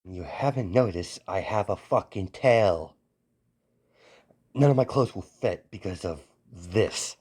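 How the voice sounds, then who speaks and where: Man playing a sullen young heroine, low and grumbling, defensive. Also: lively intonation, takes it slowly, a little mellow, slightly rough, exaggerated voice. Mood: stubborn. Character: sullen young woman hero, proud and self-conscious. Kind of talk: amateur story voicing.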